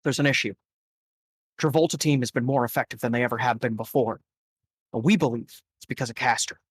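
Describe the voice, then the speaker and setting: A man voicing a calm gang boss who lays out a job in a measured, deliberate way during a tabletop game. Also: mid-range voice, husky, no echo, voice pushed down, close to an everyday voice. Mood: businesslike. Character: calm gang boss briefing a hired gun.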